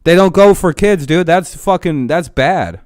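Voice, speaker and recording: A man's voice: on the high side, unhurried, darkish tone, clear, resonant tone, no echo, studio quality. A young man ranting casually to his live-stream chat, swearing a lot, laughing often and getting heated.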